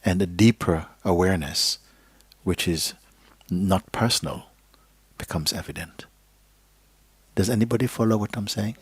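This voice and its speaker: A very low, husky male voice giving a live spiritual teaching to an audience. He talks slowly and gently, sometimes sinking into a soft whisper. The sound is dry and close, with little room around it. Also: no echo. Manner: slow, gentle, drifting into a soft whisper at times; checks in with listeners with "okay?" and "you see?". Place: live gathering hall.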